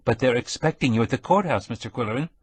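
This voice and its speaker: A man's voice: medium pitch, expressive, fast talker, breathy edge, no room sound. A man voicing a nervous young male secretary who pleads anxiously. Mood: pleading.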